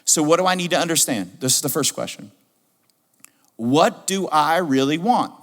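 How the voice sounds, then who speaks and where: A middle-aged man preaching a sermon as pastor, animated and repeating his key questions for emphasis. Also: fairly high pitch, moderate pace. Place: church sanctuary. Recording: reverberant church hall.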